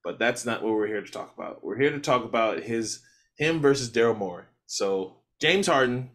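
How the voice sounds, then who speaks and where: A podcast co-host with a mid-range voice at normal speed recaps the news for listeners in a casual chat. He's animated and laid-back, full of slang, and quotes other people.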